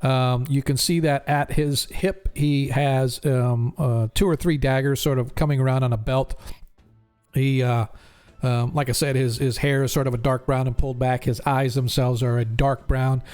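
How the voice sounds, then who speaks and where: A man's voice: mid-range voice, fairly even intonation, moderate pace, darkish tone, smooth, soft background music. Rambling male game master. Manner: rambling, many fillers. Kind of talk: narrating a tabletop game.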